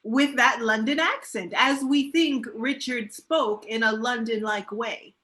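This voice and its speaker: A woman's voice: fairly high pitch, measured pace, bright, forceful tone. A woman improvising in a comedy scene over a video call, playful and teasing.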